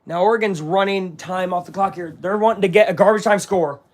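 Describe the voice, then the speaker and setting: A man hosts a casual live watch-along of a football game, excitable and swinging between hype and grumbling. His voice sits high and his pace is brisk.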